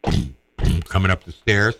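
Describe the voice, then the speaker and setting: A man casually telling a personal story, animated and acting out the voices of the people in it. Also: deep voice, normal speed, no room sound. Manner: animated, acts out quoted voices.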